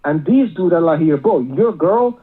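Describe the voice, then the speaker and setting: A man's voice: fairly high pitch, lively intonation, normal speed, slightly rough. A male caller, rambling with many filler words, heard over a phone line. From Miami area.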